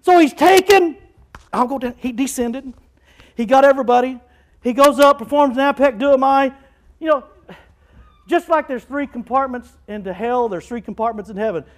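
A male pastor preaching a lively sermon, rising to shouts as he quotes scripture. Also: very high-pitched, moderate pace, low-quality recording.

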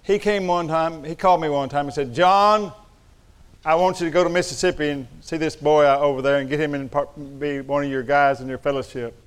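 Folksy preacher with a smooth voice. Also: male voice, fairly high pitch, steady tone, fast, hardly any pauses. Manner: folksy storytelling with humor and Southern address. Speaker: pastor. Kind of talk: sermon.

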